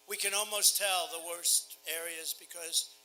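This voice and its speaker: An older American man gives a rally speech at a podium microphone, boastful and sarcastic, repeating his lines and dropping from loud bursts to hushed asides. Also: high voice, fairly even intonation, unhurried, soft background music, rough recording. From United States. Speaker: campaign speaker. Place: outdoor campaign rally.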